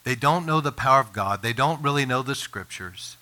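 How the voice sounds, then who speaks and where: A man preaching a sermon as pastor, earnest and impassioned, his voice climbing higher and louder when he presses a point. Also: animated, a little fast. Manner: impassioned preaching, rises in pitch and volume when emphatic.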